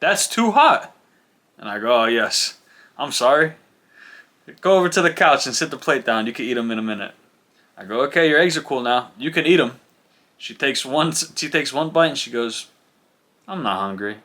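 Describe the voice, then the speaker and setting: Bright-voiced young man telling stories. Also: mid-range voice, moderate pace. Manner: animated, acts out dialogue in stories. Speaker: podcast co-host. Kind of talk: casual storytelling chat.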